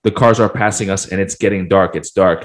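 A man's voice: low voice, a little fast. A young man co-hosting a casual podcast, telling a long rambling story full of fillers and restarts. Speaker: podcast co-host. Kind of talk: casual chat.

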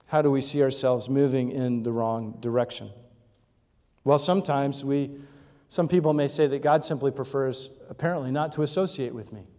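A man's voice: medium pitch, warm tone. A male pastor preaching a sermon in a conversational teaching manner, often asking rhetorical questions and checking in with his listeners. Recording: long reverb of a large hall.

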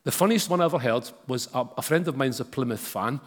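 A man's voice: mid-range voice, quick pace. A man preaching a sermon and reading scripture aloud, with casual asides to the congregation. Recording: long hall reverb.

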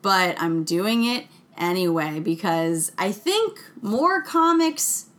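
A woman's voice: medium pitch, big pitch swings, takes it slowly, fairly bright tone. A woman co-hosting a podcast in casual chat, rambling and playful, laughing often. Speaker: podcast co-host. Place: New York.

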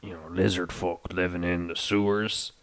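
A man voicing a gruff, dim-witted male rumor-monger in a tabletop game, rambling with a wandering accent and lots of hesitations. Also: low voice, flat delivery, moderate pace, voice pushed down, poor audio.

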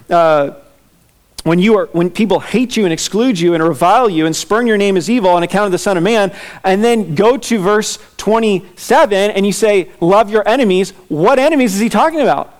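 A man with a fairly high voice preaches through a passage verse by verse. He teaches earnestly and repeats his key questions so they land. He slows on his questions and quickens when reading scripture aloud. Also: darkish tone. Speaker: pastor. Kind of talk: expository sermon.

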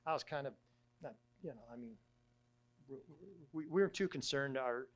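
Middle-aged man, church elder, conversational sermon, halting delivery, many restarts. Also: mid-range voice, highs cut off. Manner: halting, with frequent restarts and fillers.

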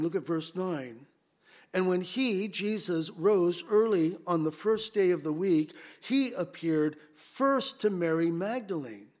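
A man with a slightly higher voice delivers an expository sermon in a relaxed, conversational way. He keeps breaking into quick acted-out scenes, swinging between lifted, excited lines and low, quiet asides. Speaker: pastor.

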